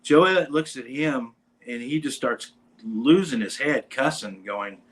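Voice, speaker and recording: A man's voice: mid-range voice, normal speed, a little hiss or hum. A man, a musician guest on a talk show, telling a casual anecdote with animation and acting out what people said. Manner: animated storyteller who acts out quoted lines.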